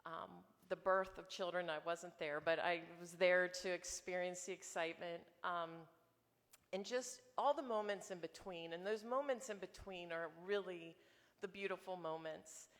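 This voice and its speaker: A woman giving a heartfelt memorial tribute, earnest and slowing down for emphasis. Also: on the low side. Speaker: eulogy speaker, family friend. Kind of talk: personal memorial speech. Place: memorial service hall. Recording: echoey hall with long reverb.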